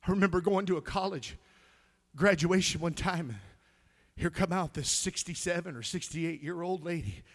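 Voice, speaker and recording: High-voiced man preaching with fervor. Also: moderate pace. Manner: loud, preachy call-and-response with singing and laughter. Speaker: pastor. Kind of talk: sermon.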